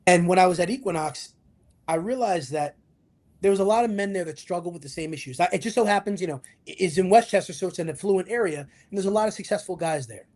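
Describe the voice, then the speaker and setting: Animated high-voiced man coaching. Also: fast. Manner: animated storyteller acting out quoted voices. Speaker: guest, fitness coach. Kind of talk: interview answer, motivational. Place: video call interview.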